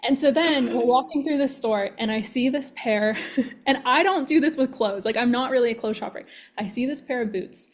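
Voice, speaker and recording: Bubbly higher-voiced woman telling a story. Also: moderate pace. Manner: animated storytelling, acting out her own thoughts. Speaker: manifestation coach. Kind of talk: casual podcast chat.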